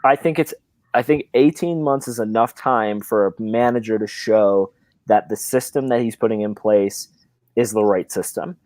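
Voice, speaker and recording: A man hosting a casual football podcast, animated, his pitch jumping up when he stresses a point and often repeating words as he thinks. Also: moderate pace, dry recording. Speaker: podcast host. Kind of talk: casual chat.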